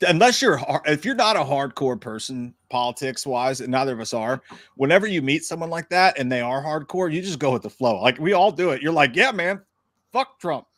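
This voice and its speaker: A man's voice: mid-range voice, animated, fairly quick, fairly bright tone, no echo, clean studio sound. A man co-hosting a livestream, musing loosely with crude jokes and lots of fillers. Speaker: livestream co-host. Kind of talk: casual comedic banter.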